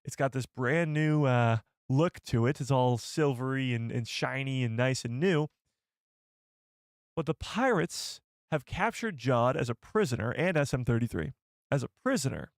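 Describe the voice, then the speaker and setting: A man hosting a casual live stream, excitable and rambling as he reads the chat. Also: mid-range voice, normal speed, no room sound, clean studio sound.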